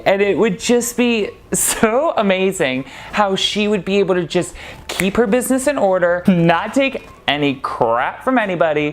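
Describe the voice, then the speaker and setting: A man casually telling a personal story to camera, chatty and laughing often. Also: on the high side. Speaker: vlogger.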